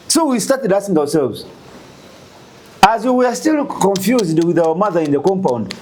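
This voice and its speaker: A Ugandan man telling a story in an interview, animated and full of rhetorical questions. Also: sits high. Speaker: guest.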